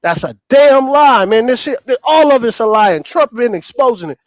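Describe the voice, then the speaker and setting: A man's voice: very high-pitched, animated, normal speed, dry recording. A man arguing hotly on a call-in panel, fired up and profane, talking over the others on a remote call. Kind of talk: heated call-in panel debate.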